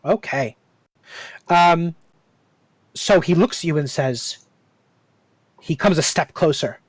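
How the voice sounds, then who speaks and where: A game master narrating a tabletop game at an unhurried pace, pausing and restarting often. The sound is dry and close. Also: medium pitch, no room sound, low-quality recording. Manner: slow, hesitant narration.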